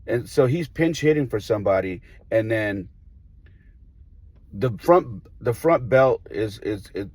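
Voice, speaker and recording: A man with a low, husky voice tells a story as a coach would, in casual podcast talk. His delivery is animated and he slips into the voices of the people involved. The sound is close and dry, with no room around it. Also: unhurried, no room sound. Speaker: high school baseball coach.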